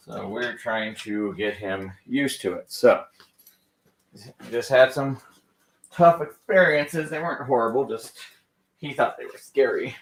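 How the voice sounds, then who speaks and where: A man training a dog on camera, gently encouraging it and explaining each step. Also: medium pitch, far from the mic. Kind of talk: live training demonstration with explanation. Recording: echoey room, off-mic, faint noise.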